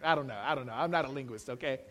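A young man preaching a sermon, animated, acting out the quotes he shouts. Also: mid-range voice, rapid-fire. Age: young adult. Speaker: pastor.

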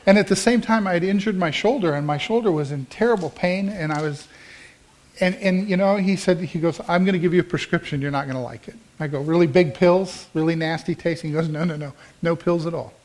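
Storytelling male pastor, slightly high voice. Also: fairly quick. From American Midwest. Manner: storytelling, acts out quoted dialogue, conversational. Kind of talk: sermon.

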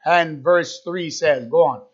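A man's voice: fairly high pitch, takes it slowly, husky. A man preaching a fervent sermon, repeating himself and firing rhetorical questions at his listeners. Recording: dull lo-fi recording.

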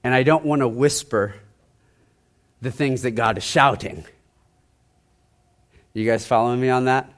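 Soft-spoken male pastor preaching. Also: medium pitch, a little slow, long pauses. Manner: conversational, repeats phrases, drops to soft emphasis. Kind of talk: sermon.

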